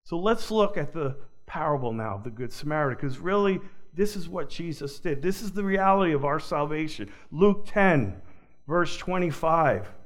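A man preaching a sermon, swinging from loud emphatic peaks to soft, low asides, with a chuckle now and then. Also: lively intonation, moderate pace.

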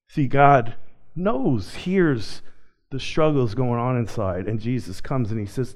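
A man preaching a sermon, swinging between loud, excited passages and quiet, hushed ones. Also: medium pitch, slow pace, pauses often. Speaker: pastor.

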